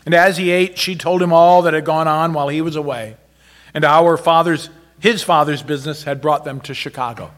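A man's voice: a little high, steady tone, a little fast, a bit bright. Man reading a story dramatically. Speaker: narrator.

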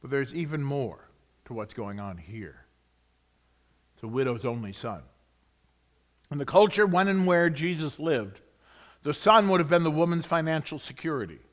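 A man preaching a sermon, swinging between loud emphasis and hushed whispers, reading scripture with rising excitement. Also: on the high side, normal speed, long pauses.

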